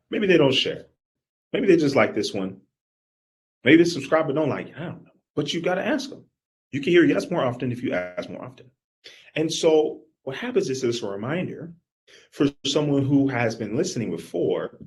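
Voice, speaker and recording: A man giving a live coaching workshop, energetic and animated, talking straight to his audience. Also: a little high, moderate pace. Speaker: business coach.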